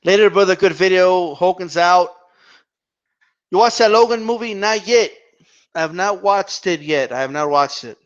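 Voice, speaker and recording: High-voiced man rambling on a live stream. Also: moderate pace, dull audio. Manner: rambling and profane. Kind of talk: casual live Q&A chat.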